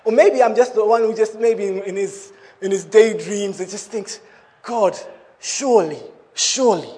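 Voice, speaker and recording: A man delivers a sermon in a strikingly high voice. He talks in an animated way and keeps breaking into laughing asides. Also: moderate pace. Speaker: preacher.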